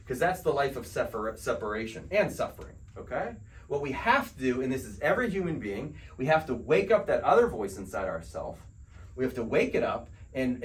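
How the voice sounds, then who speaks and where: Animated man lecturing from off-mic. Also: fairly high pitch, recorded from a distance, rough recording. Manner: conversational, asks the audience rhetorical questions. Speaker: counselor giving a lecture. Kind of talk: spiritual self-help lecture.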